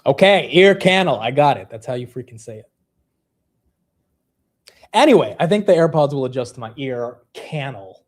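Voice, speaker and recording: A young man hosting a casual livestream, laughing at himself and reacting quickly to the chat. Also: mid-range voice. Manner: animated, self-mocking, reacting to chat. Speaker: livestream host.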